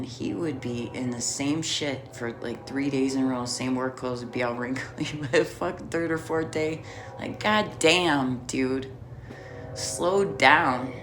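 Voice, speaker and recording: A woman's voice: very deep voice, a little hiss or hum. A middle-aged woman telling a rambling personal story in a casual, profane way, laughing often. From Chicago area.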